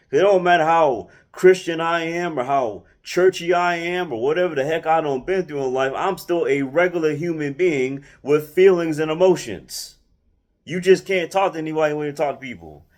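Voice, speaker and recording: A man telling a personal story to his followers in a blunt, colloquial, emphatic way, often restarting and repeating phrases. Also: fairly high pitch. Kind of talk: casual storytelling monologue.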